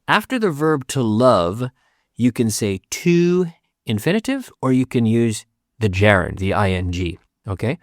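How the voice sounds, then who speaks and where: A man hosting an English lesson podcast for Spanish speakers, switching between English and Spanish and repeating sentences slowly for learners. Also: mid-range voice, very animated, no room sound, clean studio sound. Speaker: English teacher and podcast host. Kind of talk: bilingual language lesson.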